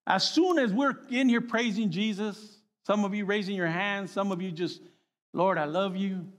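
High-voiced preacher in an echoing hall. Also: male voice, normal speed. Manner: animated, acts out quotes with voice jumps. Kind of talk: sermon. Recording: long reverb of a hall.

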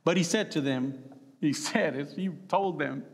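A man preaching to a gathering of men, his voice sitting fairly high. He throws himself into acting out the quotes in his story. The sound carries a long reverb, as in a big hall. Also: measured pace, vocal fry. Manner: animated, acts out quotes with voice jumps. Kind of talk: sermon.

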